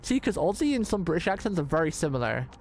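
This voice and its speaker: A man's voice: on the high side, sing-song, fast talker, a little mellow, faint music behind. A man streaming a game, chatting casually and rambling, repeating words and restarting his sentences often. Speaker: vtuber streamer. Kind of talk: casual live-stream commentary.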